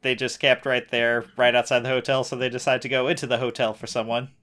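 A man in an easygoing recap chat, talking at an average pitch and riffing sarcastically on what happens. He mocks the plot with dry asides. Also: little pitch movement, quick pace, a bit bright. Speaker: podcast co-host.

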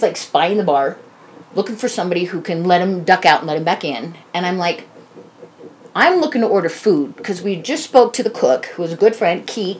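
A woman's voice: mid-range voice, a little mellow, slight background noise. A woman telling a casual personal story, rambling and swearing freely, acting out quoted dialogue as she goes.

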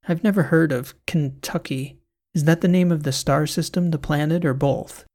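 A man's voice: on the high side, fairly even intonation, darkish tone, lightly acted. A man voicing a bewildered amnesiac woman. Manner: bewildered, slow and careful. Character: puzzled woman out of place, memory lost. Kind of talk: audiobook character voice.

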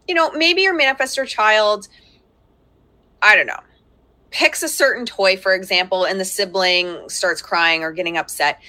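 Bright-voiced woman teaching live from home. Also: medium pitch. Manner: chatty and warm, laughing often and breaking off to address her children. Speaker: parenting coach hosting a live workshop. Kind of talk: live-streamed teaching talk. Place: at home with young children around.

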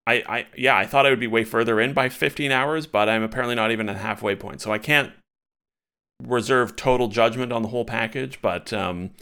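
A man's voice: mid-range voice, fairly even intonation, a little fast, pushed and bright, clear, resonant tone. A man co-hosting a casual podcast chat, talking loosely and animatedly with many fillers and restarts. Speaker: podcast co-host.

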